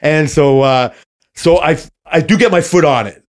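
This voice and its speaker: A man's voice: a little high, normal speed. A middle-aged man with a slightly raised voice rambles through an embarrassing story in casual podcast chat. He swears freely and laughs his way through it, circling back and restarting. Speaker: podcast co-host.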